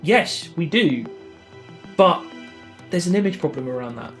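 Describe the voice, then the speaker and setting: A man's voice: on the high side, lively intonation, a little slow, faint music behind. A man co-hosting a casual podcast, opinionated and earnest, often restarting his sentences. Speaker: podcast co-host.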